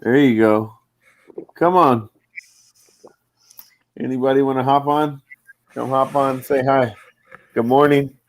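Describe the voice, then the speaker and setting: Gravelly laid-back grandfather. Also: medium pitch, fairly even intonation, slow pace, pauses often, slight background noise. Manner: laid-back, laughs easily. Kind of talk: casual live-stream chat.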